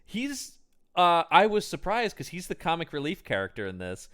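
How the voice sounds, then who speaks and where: A man's voice: a little high, huge pitch swings, normal speed, fairly bright tone. A man co-hosting a casual film review podcast, chatty and full of cast trivia and jokes. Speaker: podcast co-host.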